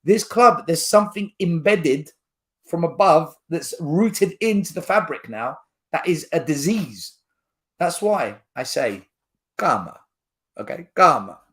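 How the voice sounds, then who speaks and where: A man's voice: fairly high pitch, animated, takes it slowly, fairly bright tone. Passionate blunt man ranting on football. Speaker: football fan channel host. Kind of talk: fan opinion rant to camera.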